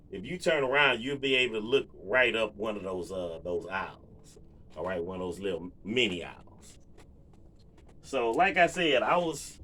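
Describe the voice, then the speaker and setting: Man, casual storyteller; bright, lively delivery full of fillers. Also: mid-range voice. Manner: relaxed, rambling, lots of fillers and asides to viewers. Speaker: vlogger.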